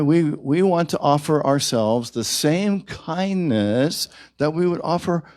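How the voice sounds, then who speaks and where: A man's voice: medium pitch, darkish tone. A man preaching a sermon at a church service, drawing the congregation in with questions and call-and-response. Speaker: minister.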